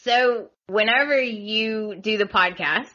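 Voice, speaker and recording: Southern US woman guest, bright and giggly, hesitant, slightly dull sound. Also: medium pitch, slow. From southern United States. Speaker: podcast guest. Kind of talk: casual chat.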